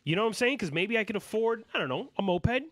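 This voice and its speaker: A man hosting a casual live podcast, joking and hyped as he shouts out viewers, sounding a little fatigued. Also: high voice, animated, fast talker, no room sound, clean studio sound. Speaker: podcast host.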